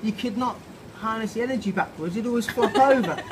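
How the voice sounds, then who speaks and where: A man with a high voice, talking a little fast, reads aloud a children's story he wrote, tipsy and making it up as he goes with swearing and laughter. It was recorded outside a pub with loud outdoor noise in the background.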